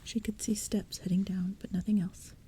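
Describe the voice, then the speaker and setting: A woman reading a storybook aloud as whispered role-play, in a soft, hushed, mostly unvoiced whisper, with faint rain behind her. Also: medium pitch, little pitch movement, normal speed. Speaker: ASMR audiobook reader. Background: soft rain and thunder.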